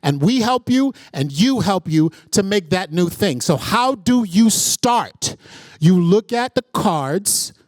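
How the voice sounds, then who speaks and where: A man leads an interactive audience workshop, his pitch leaping up and down with animated energy. He keeps calling on people and checking in with a repeated "right?". The sound is dry and close to the mic, with a slightly higher voice than most men. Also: dry recording. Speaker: workshop facilitator.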